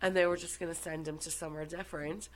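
An Irish woman recounts a story in a casual chat. Her voice sits slightly low, and she swears freely and talks with a quick, animated delivery. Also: low-quality recording. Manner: animated, swearing, laughing often. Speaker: guest.

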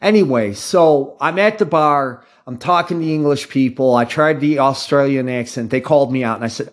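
A man's voice: mid-range voice, normal speed, hardly any pauses. An American man in his fifties talking casually to his viewers, rambling off on tangents and restarting his sentences often. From United States. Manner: rambling, tangent-prone, with frequent restarts and fillers. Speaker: channel host. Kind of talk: casual talk to camera.

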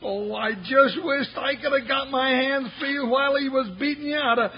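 An actor playing an excitable, loyal cowboy sidekick with a folksy twang in a 1950s radio western. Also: male voice, very high voice, normal speed, husky. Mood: worried. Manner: excitable, blustering when angry. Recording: muffled old broadcast with faint hiss.

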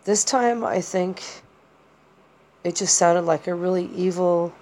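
A woman's voice: on the low side, slow pace, darkish tone. A woman hosting a podcast, talking through personal experiences in a rambling, hesitant way with many fillers and restarts. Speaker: podcast host. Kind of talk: personal monologue.

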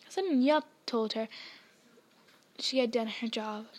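A woman reading a novel aloud as a podcast host, in a plain, slightly halting manner with small slips. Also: fairly high pitch. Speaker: audiobook reader, podcast host.

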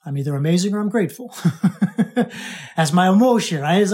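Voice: mid-range voice, lively intonation, a little fast, pauses often, a little mellow. Conversational coach who keeps asking "right?". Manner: repeats and restarts words while thinking. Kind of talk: motivational teaching talk.

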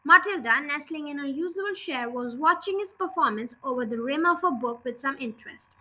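A woman narrating a children's storybook chapter in an expressive, lively read-aloud. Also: sits high, a little fast, low-quality recording. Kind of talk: storybook reading.

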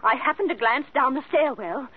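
A woman's voice: high-pitched, lively intonation, moderate pace, slightly rough. An actress playing a frightened, stammering woman hotel guest in a 1940s radio drama. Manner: stammering, flustered. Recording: phone-like old radio recording with hiss.

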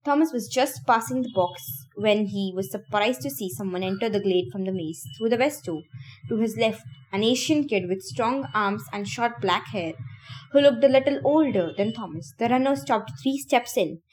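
A woman's voice: fairly high pitch, moderate pace, darkish tone. Woman reading a novel aloud with chatty asides. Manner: breaks off the reading to laugh and comment to listeners.

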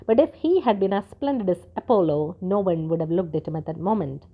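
A woman narrating a story in a steady, measured reading voice. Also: lowish voice, narrow, tinny audio. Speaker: audiobook narrator.

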